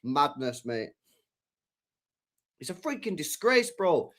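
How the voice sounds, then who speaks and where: A young man live-streaming his reaction to a football match, excitable and slangy, shouting at the screen and swearing. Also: on the high side, takes it slowly.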